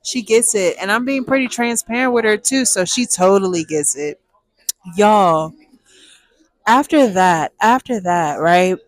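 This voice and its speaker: A young woman, telling a personal story to viewers in a lively, chatty way. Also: medium pitch, unhurried, no room sound. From Texas, USA. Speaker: storytime vlogger.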